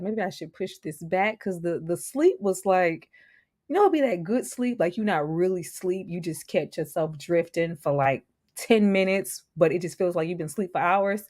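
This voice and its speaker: A woman's voice: fairly low pitch, expressive, a little slow, a little mellow. A young woman hosting a casual TV review livestream, laughing often and greeting viewers by name.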